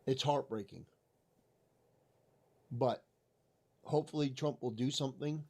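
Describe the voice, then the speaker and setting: A man's voice: medium pitch, unhurried, darkish tone. A man over thirty giving an earnest, indignant political rant with mock solemnity.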